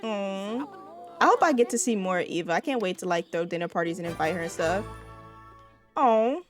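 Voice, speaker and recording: A woman's voice: medium pitch, expressive, a little fast, soft background music. A young woman giving casual gameplay commentary, chatty and laughing often as she talks to her viewers. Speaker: gaming video creator.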